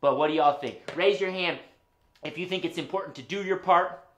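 A man hosting a children's puppet show, talking to the kids at home in an animated, sing-song way. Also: sits high, fairly quick. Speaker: children's entertainer host. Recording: roomy room echo.

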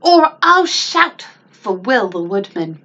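A woman voicing a polite but bold little girl in a read-aloud storybook, with a bright, high voice. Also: wildly swooping pitch, a little slow, breathy edge, lo-fi sound, full character voice.

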